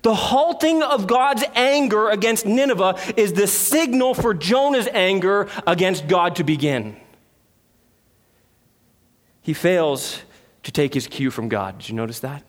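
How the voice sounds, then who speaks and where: A male pastor giving an earnest expository sermon, stressing key words and sometimes dropping to a quiet voice. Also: high-pitched, lively intonation, measured pace. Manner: earnest, emphatic preaching with sudden drops to quiet.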